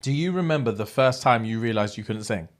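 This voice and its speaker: A young man trades casual podcast banter. He talks in slang with a lively, swinging pitch. His voice sits at a middle height. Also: a little fast. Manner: animated, slangy, jumps into high mock voices. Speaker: podcast co-host.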